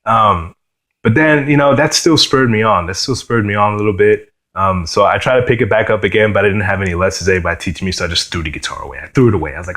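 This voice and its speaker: A young man from New York sharing his personal testimony as a guitarist, earnest and halting, often saying "you know" and "man.". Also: on the low side, a bit bright. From New York, USA.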